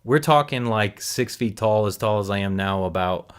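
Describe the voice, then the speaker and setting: Man, forties, low voice, rambling reflective vlogger who corrects himself mid-thought. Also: normal speed, clean tone. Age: 40s. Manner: rambling, self-correcting, musing aloud. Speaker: recovery vlogger. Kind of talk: reflective casual monologue.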